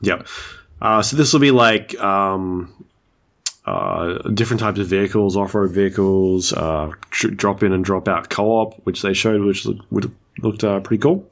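A man with a somewhat low voice runs through gaming news in an easygoing, joking way. He keeps things light and casual. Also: lively intonation, unhurried, vocal fry. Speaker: podcast co-host. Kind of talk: casual chat.

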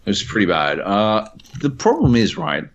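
Rambling Australian podcast host, dull audio. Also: male voice, on the low side, wildly swooping pitch, normal speed. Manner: rambling, swears, many fillers. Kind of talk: casual chat.

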